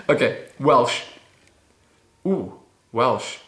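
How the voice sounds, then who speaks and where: A man's voice: mid-range voice, measured pace, pauses often, a bit bright. A man hosting a casual Q&A vlog in a playful, self-deprecating way, chuckling as he fumbles through foreign phrases. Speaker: YouTube channel host. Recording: roomy echo.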